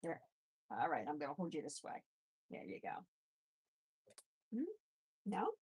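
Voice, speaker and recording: Hosting a relaxed live stream, a rabbit foster carer answers viewers while handling her pets and baby-talking to them. Her voice is low, husky, darkish and sing-song, and she takes her time.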